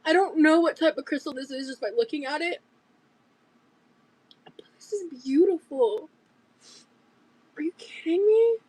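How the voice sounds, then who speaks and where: A woman's voice: sits high, animated, fast, few pauses, darkish tone, low-quality recording. A woman on a livestream, gushing emotionally over gifts as she opens them. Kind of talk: livestream unboxing talk.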